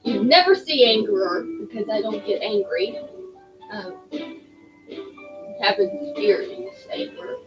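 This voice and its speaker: A woman's voice: mid-range voice, very animated, slow, long pauses, poor audio. A woman commenting casually on a video game as she plays, chatty and rambling with self-deprecating asides. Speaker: gaming streamer. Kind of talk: casual let's-play commentary. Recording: voice over game music. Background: game music.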